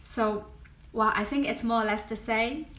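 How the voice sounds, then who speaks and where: A woman's voice: on the high side, steady tone, normal speed, fairly bright tone. A young woman with a Chinese accent, a native Chinese speaker, hosting her own casual vlog in a playful way. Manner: playful, imitates animal sounds between explanations. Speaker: vlogger. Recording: roomy echo.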